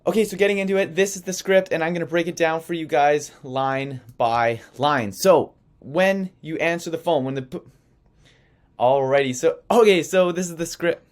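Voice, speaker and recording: Animated man teaching a sales course. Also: on the high side, normal speed. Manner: animated storytelling, checks in with okay and right. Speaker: marketing agency founder teaching sales. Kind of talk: online course lesson.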